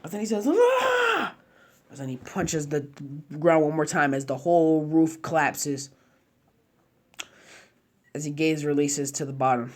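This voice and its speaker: A man narrating a fan-made story casually, chaining run-on clauses with slang and fillers. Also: a little high.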